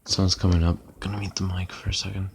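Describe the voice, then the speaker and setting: A tired, yawning man chatting on a casual live stream in a lazy, deadpan monotone. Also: quick pace, vocal fry, a little hiss or hum. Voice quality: monotone delivery. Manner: lazy, low-energy, deadpan. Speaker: livestreamer. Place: at home, lying back comfortably.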